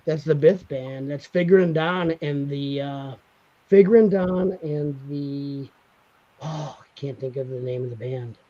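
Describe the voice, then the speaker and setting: Man, live-stream host, casual banter, laughs often, higher pitch, lo-fi audio. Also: unhurried. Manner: jokey, laughs a lot, slips into mock accents.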